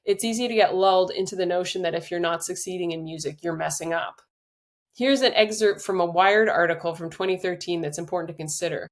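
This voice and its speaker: A woman's voice: fairly low pitch, fairly quick. A middle-aged woman author talking earnestly in a podcast interview, with many restarts and fillers, then reading aloud from her book. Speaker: author and guest.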